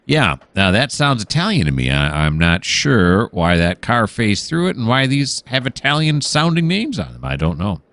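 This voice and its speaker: A male gaming host gives casual let's-play commentary. His voice sits low but rises and falls in lively swings. He rambles, stops to muse aloud, and fills pauses with plenty of uhs. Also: no echo. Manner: rambling, easily distracted, musing aloud with many fillers.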